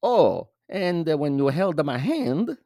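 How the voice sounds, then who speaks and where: A hammy Northern Italian accent, as a man puts it on for a laugh. The delivery is slow and sing-song, with a lilting pitch that swings up high. It is dry and close, with no room sound. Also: big pitch swings, mellow, no echo, heavily acted. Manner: drawn-out, sing-song recital.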